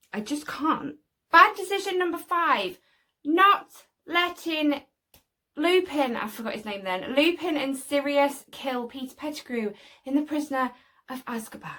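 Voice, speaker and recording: A woman's voice: high-pitched, a bit bright. A woman giving casual, opinionated fan commentary to her channel, leaning on "obviously" and "right?" as she talks. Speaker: video creator.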